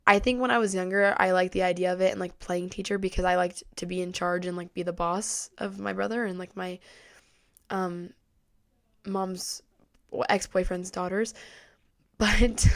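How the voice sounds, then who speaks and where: Teen girl rambling on her podcast, tons of likes and ums, super casual. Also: mid-range voice. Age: teens. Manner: rambling, heavy use of "like" and "um". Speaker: podcast host. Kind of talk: casual solo podcast chat.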